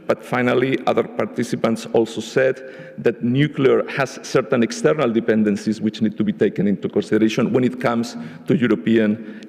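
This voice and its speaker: A man giving a measured spoken summary of a panel discussion at a conference, often restarting his phrases. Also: medium pitch, fairly even intonation, vocal fry, darkish tone. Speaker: panel rapporteur. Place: large conference hall. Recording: echoey conference hall.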